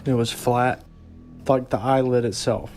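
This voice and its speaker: Flat, gravelly man telling his story. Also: mid-range voice, faint music behind. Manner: halting, restarts often, recalls fear. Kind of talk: personal storytelling.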